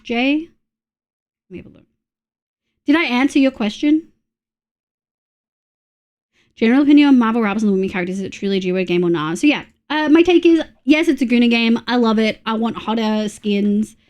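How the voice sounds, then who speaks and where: A woman's voice: fairly high pitch, lively intonation, fairly quick, long pauses, darkish tone. A young Australian woman streaming live, chatting casually and bluntly with her chat while she plays, greeting viewers and humming as she builds.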